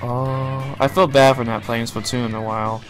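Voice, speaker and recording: A young man reacting live to a game presentation, gasping, shouting and swearing in surprise. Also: mid-range voice, little pitch movement, moderate pace, faint music behind. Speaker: reaction streamer.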